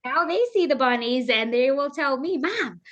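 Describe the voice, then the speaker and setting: A middle-aged woman, a bereaved mother, telling her story earnestly and haltingly as a podcast guest. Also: high voice, fairly bright tone, lo-fi sound. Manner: earnest, halting, circling back on her words. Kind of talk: emotional personal storytelling.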